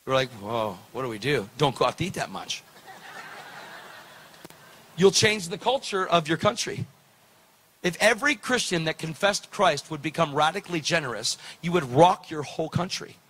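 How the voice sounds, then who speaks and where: A man preaching, telling a story with lively, preacherly delivery and acted-out dialogue. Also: a little high, moderate pace, pauses often, breathy edge. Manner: animated, preacherly, acts out dialogue. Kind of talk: sermon storytelling.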